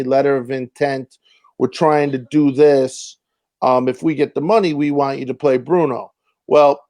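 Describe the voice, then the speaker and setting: A man's voice: fairly high pitch, darkish tone. A man talks through his acting stories in a loose, rambling way, stopping and restarting often and slipping into other people's voices when he quotes them. The sound is dry, with no room echo around him. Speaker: actor and comedian guest. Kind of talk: casual interview storytelling.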